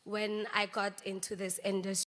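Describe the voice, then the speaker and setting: A woman's voice: medium pitch, level tone, normal speed, a bit bright. A South African woman, an actress, giving a memorial eulogy, telling anecdotal stories that mix languages, with laughs between stories. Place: large memorial hall. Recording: long hall reverb.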